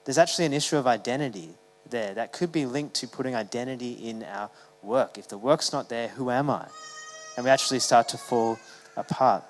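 A man's voice: mid-range voice, fairly quick, long reverb tail, rough recording. A man giving a sermon as the church's pastor, talking in a casual, conversational way with many fillers and restarts.

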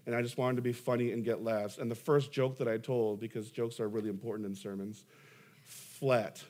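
A man's voice: mid-range voice, fairly even intonation, normal speed, darkish tone. A young adult man, a pastor preaching a sermon, telling stories with self-deprecating humor and emphatic rises.

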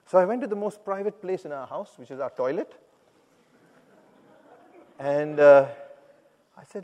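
A man with a slightly high voice tells his personal story to a congregation in a lively, animated way. He acts out the voices of the people in his story and laughs at himself now and then. His voice rings with a long hall reverb. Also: moderate pace, long pauses. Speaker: speaker giving a personal testimony.

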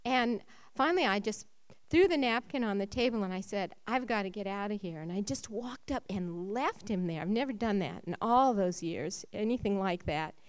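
A woman sharing a personal faith testimony. Her voice rises when she gets excited and drops low when she turns reflective. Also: normal speed. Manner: emotional storytelling, rising when excited and dropping low when reflective.

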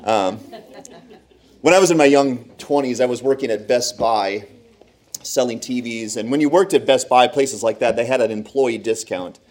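A man telling a humorous personal story to a live audience in an animated, conversational, self-deprecating way. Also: medium pitch, normal speed.

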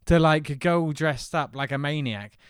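A man's voice: fairly high pitch, normal speed, clear, resonant tone, dry recording, studio quality. A man co-hosting a podcast, chatting casually and joking. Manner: joking, riffing on wrestling promos. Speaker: podcast co-host. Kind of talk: casual chat.

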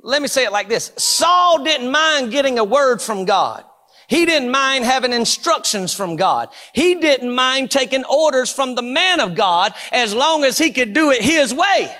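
A man preaching a Pentecostal sermon in a church, fervent and rhythmic, building to shouts with repeated phrases. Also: very high voice, lively intonation, a little slow, big-room sound. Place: church sanctuary.

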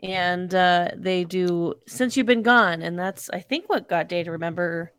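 A woman's voice: fairly low pitch, measured pace, fairly bright tone, smooth, dry recording. A woman with a mid-range voice reads out listener emails on a podcast and breaks in with wry asides. The recording is dry and close. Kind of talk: casual chat.

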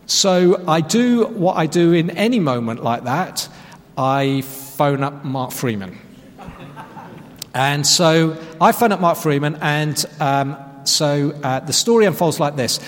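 A man's voice: on the high side, long reverb tail. A man preaching a sermon, telling a self-mocking story and stressing key phrases. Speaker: pastor.

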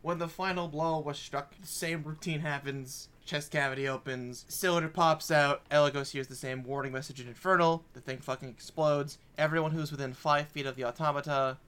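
A game master running a tabletop session, slightly high man. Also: steady tone, a bit bright, clean tone. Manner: brisk, profane, self-mocking rulings.

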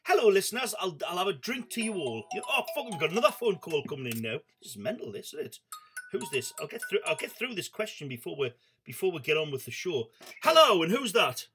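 A man's voice: high-pitched, sing-song, fast talker, music in the background. A middle-aged man, hosting a call-in radio show and rambling in a chatty, sweary way. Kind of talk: casual call-in chat.

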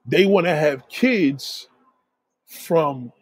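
A man's voice: a little high, drawn-out words, breathy edge, no echo. A man talking in a blunt, heated rant, swearing often and repeating himself as he presses a point. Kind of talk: casual opinionated rant.

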